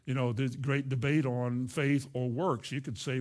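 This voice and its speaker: A male preacher delivers a sermon in a voice of ordinary pitch for a man. He talks earnestly and draws out key words slowly to press his points home. At times he briefly acts out a reluctant churchgoer's objections. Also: level tone, a little mellow.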